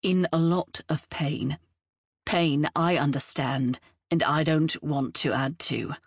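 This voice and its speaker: A woman's voice: low-pitched, fairly even intonation, slow pace, breathy edge, dry recording, studio quality, full character voice. A woman voicing a resolute young woman who speaks firmly and earnestly.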